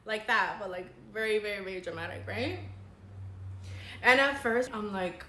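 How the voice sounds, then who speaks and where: A woman's voice: mid-range voice, normal speed, pushed and bright, echoey room, a little hiss or hum. A young woman, a makeup artist, telling a dramatic story in casual, chatty vlog style. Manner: chatty, dramatic, says girl a lot.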